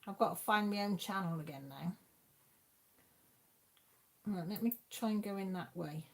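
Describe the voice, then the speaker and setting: A woman's voice: medium pitch, moderate pace, vocal fry. Chatty woman hosting a craft live stream. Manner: chatty, exclaiming, talks to the chat. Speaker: craft channel host reading live chat. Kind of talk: casual live-stream chat.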